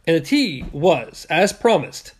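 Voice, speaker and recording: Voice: mid-range voice, takes it slowly, slightly rough. A co-host casually reading a novel aloud, with playful asides. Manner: lively, playful whispered asides.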